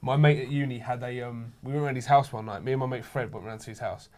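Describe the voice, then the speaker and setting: A man's voice: medium pitch, fairly even intonation, fast, darkish tone. A young man telling rowdy anecdotes in casual chat, swearing freely and laughing as he goes. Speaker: show regular.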